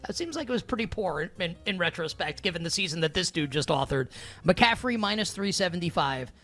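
Bright tense-sounding guy hosting a betting pod, chatty and wry, faint music. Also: high-pitched, expressive, a little fast. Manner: chatty, wry, hosts segments. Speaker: co-host of a sports betting podcast. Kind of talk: casual chat.

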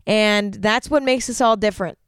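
Smooth-voiced young woman podcaster. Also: mid-range voice, moderate pace, fairly bright tone, no room sound, studio quality. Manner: chatty, filler-heavy, earnest with self-mocking asides. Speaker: podcast host. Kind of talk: casual advice podcast monologue.

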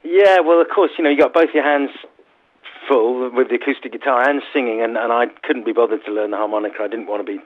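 A man's voice: mid-range voice, fast. A man from England, a guest musician telling laughing anecdotes in a casual interview. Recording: tinny phone line.

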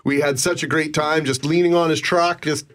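A man's voice: on the high side, moderate pace. A man hosting a morning radio show, chatting casually, telling stories and laughing easily. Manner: laughs often, relaxed storyteller.

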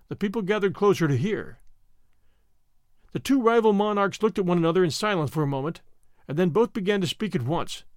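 A man narrating an adventure story in an expressive storytelling manner. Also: high voice, dry recording, clean studio sound. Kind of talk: scripted narration.

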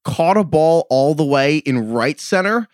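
Animated laughing male co-host. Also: on the high side, measured pace, no room sound, clean studio sound. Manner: animated, laughs often, reads stories aloud. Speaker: podcast co-host. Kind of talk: casual chat.

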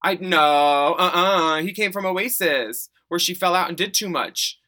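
A campy podcast co-host, a man with a fairly high, bright and forceful voice. He talks in an animated, giggly, teasing way, hosting casual chat. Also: unhurried.

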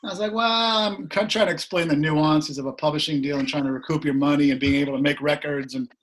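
Middle-aged guy telling a story, kinda high voice, slightly rough, laughs a lot. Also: fast talker. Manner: animated, laughs often, acts out quoted voices. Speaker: musician guest. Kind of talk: casual storytelling.

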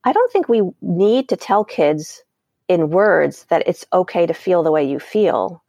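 A woman's voice: on the low side, very animated, a little slow, dark tone, no room sound, muffled recording. A woman parent educator as an interview guest, explaining ideas and acting out example phrases with light laughs.

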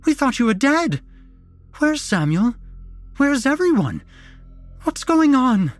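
A worried young woman in a storybook reading, pitched high and pressing with urgent questions, as a male narrator puts her on. Her voice rises loud and insistent with each question. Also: huge pitch swings, normal speed, breathy edge, dry recording, soft background music, full character voice.

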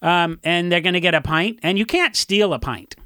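A punk musician rambles through stories on a podcast, circling back with fillers and quick laughs. His voice sits a little high and sounds bright and forward. The recording is close and dry. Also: lively intonation, clear, resonant tone, no room sound. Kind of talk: casual chat.

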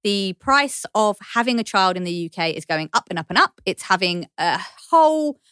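A woman's voice: medium pitch, expressive, moderate pace, fairly bright tone, clean tone, dry recording, clean studio sound. A British woman, a guest podcast host, chatting casually and laughing often. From United Kingdom. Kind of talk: casual chat.

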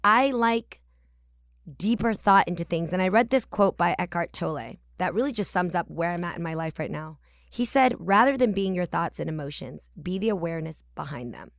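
A Bay Area woman in her forties hosts a podcast at a studio mic, speaking at normal speed in a lowish voice. Her monologue is chatty, playful, candid and reflective. There's no room sound at all.

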